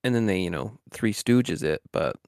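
An animated man co-hosting a podcast, his voice jumping around a lot in pitch with a gravelly edge. He laughs easily, and the sound is dry and close. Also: moderate pace, dry recording. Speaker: podcast co-host. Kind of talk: casual chat.

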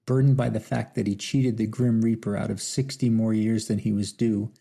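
A man narrating an audiobook in a measured, somber storytelling manner. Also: lowish voice, little pitch movement, gravelly, mellow. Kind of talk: scripted narration.

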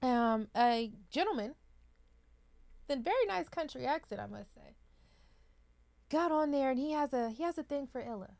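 A woman's voice: high-pitched, expressive, normal speed, gravelly, long pauses, a little mellow. A woman co-hosting a podcast who chats playfully and teases the others. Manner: playful, teasing, laughs often. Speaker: podcast co-host. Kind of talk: casual chat.

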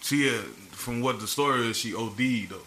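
A man's voice: mid-range voice, moderate pace. A man on a casual podcast, telling stories with lots of swearing and acted-out quotes. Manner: animated, profane storytelling with acted-out quotes. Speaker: podcast co-host. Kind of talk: casual storytelling chat. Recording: roomy echo, faint background noise.

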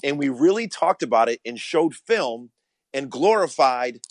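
Earnest man coaching, mid-pitched voice. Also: animated, measured pace, no room sound. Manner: earnest, repeats words when starting, storytelling. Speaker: college basketball coach, guest. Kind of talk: interview answers.

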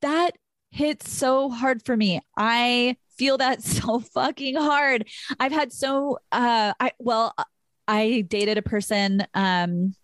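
A woman hosting a podcast talks in a candid, conversational way, open about her feelings and quick to swear. Her voice sits a little high. The sound is close and dry, with no room around it. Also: fairly bright tone, no room sound. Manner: frank and emotional, swears freely. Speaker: podcast host.

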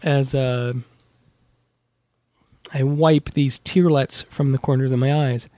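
A man's voice: medium pitch, steady tone, slow, mellow, dry recording. A man hosting a podcast in casual chat, earnest and rambling, with many fillers and self-interruptions. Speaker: podcast host.

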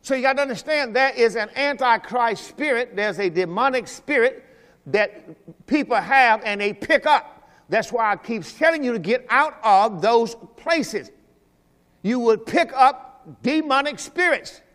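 A man pastor preaching a Sunday sermon, swinging between loud exhortation and quiet asides. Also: very high voice, animated, unhurried. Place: church during a Sunday service. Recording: long reverb from a church hall.

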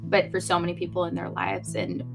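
A woman's voice: lowish voice, big pitch swings, fairly quick, vocal fry, music in the background. A young adult woman co-hosting a podcast in casual chat, effusive and heartfelt, with lots of fillers. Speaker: podcast co-host.

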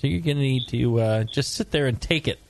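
A man's voice: medium pitch, fairly quick, vocal fry. A man hosting a casual beer talk show, joking and teasing his guests. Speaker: podcast host.

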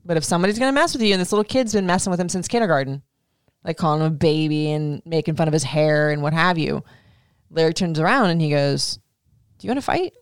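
Middle-aged woman ranting on a podcast, low voice, swears a lot, dry close sound. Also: fast, clear, resonant tone, no room sound. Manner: animated, swearing storyteller. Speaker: podcast host. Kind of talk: casual chat.

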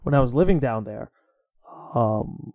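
A young man hosting a podcast, chatting casually and telling stories in a profane, animated way. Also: mid-range voice, measured pace. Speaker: podcast host. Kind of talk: casual chat.

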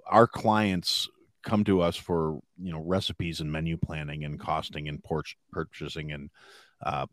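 A man co-hosting a podcast in casual chat, speaking haltingly with many restarts and a dry manner. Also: a bass voice, level tone, fairly bright tone, no echo. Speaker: podcast co-host.

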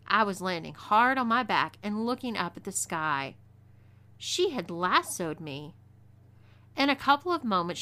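A woman with a Texan twang narrating a scripted first-person western story with expressive delivery. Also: mid-range voice. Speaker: narrator, audio story reader.

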